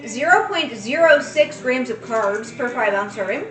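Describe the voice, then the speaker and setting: A woman's voice: fairly high pitch, expressive, moderate pace, echoey room, far from the mic, music in the background, poor audio. A woman in her forties co-hosting a casual chat, talking enthusiastically and rambling with fillers. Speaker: co-host.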